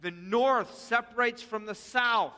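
A man's voice: extremely high pitch, takes it slowly, bright, forceful tone, clear, resonant tone. A senior pastor giving a conversational sermon to his congregation, with fillers and calls to repeat after him. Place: church sanctuary. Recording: long hall reverb.

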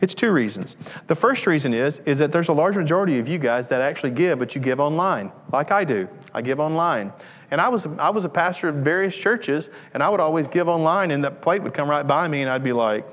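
A man's voice: on the high side, lively intonation, a little fast, a bit bright, big-room sound. A male pastor preaching a sermon with earnest, repetitive emphasis and joking asides. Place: church sanctuary.

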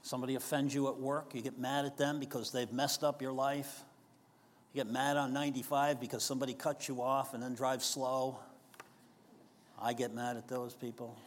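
The pastor speaks in a medium-pitched, level tone at a moderate pace, with a long reverb tail and slight background noise. He preaches conversationally and casually, asking his listeners questions often.

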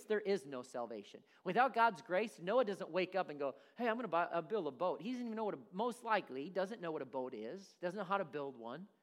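A man preaching a sermon, animated and acting out characters in his stories. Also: high-pitched. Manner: animated, acts out voices in stories.

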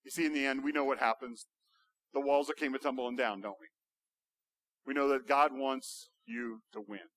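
A male pastor preaching a sermon, building to loud, emphatic rhetorical questions. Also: medium pitch, fairly even intonation, normal speed, dry recording.

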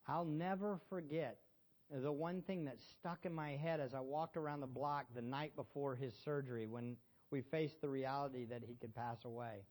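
A middle-aged man preaching a sermon in a church, swinging between loud exhortation and hushed emotion and asking the congregation questions. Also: medium pitch, steady tone, moderate pace. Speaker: pastor.

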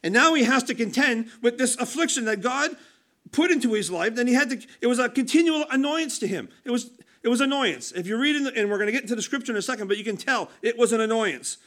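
High-voiced earnest male preacher. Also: lively intonation, fast talker, a bit bright. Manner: earnest, emphatic, with frequent restarts and asides. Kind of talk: conversational sermon.

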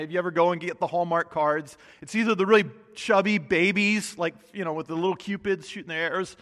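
A man's voice: high-pitched, fairly bright tone. A man preaching a sermon, reading scripture and then explaining it in a casual, chatty way with humor and frequent restarts. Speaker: pastor. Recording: long hall reverb.

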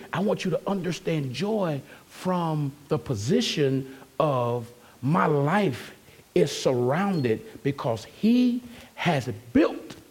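A man's voice: a little high, a little mellow, breathy edge. A man preaching an emphatic, conversational sermon as a pastor and calling out to his congregation.

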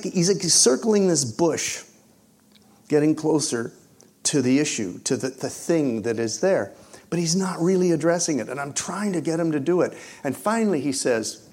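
A man preaching and telling his own story, swinging between hushed moments and loud, excited bursts. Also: on the high side, unhurried. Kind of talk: testimony storytelling in a sermon.

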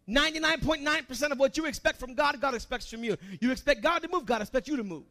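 A man preaching a sermon as pastor, asking the congregation questions and swinging between quiet asides and loud emphatic lines. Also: extremely high pitch, fast.

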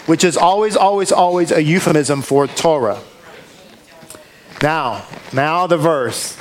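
A man's voice: on the high side, unhurried, rough recording. A male preacher delivering a sermon to a congregation, reading scripture aloud and driving points home with emphatic rhetorical questions. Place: congregation with a control booth.

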